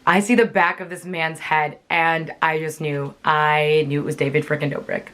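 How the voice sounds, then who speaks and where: A woman's voice: low voice, level tone, normal speed, fairly bright tone. A young woman telling a chatty storytime vlog, filling her sentences with "like". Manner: chatty, many fillers like "like". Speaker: vlogger.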